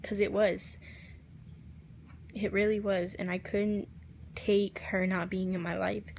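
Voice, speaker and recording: A woman telling a personal story to camera, recounting quoted text messages in a soft, halting voice that drops at times to near a whisper. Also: medium pitch, flat delivery, vocal fry, slight background noise. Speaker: vlogger.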